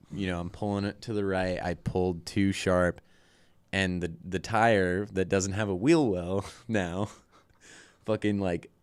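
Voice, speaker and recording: A man's voice: low voice, clean tone. A man, a band's guitarist and singer, telling tour stories in a casual, rambling way, swearing often. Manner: rambling, swears a lot, lots of "like". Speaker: band guitarist and vocalist, guest.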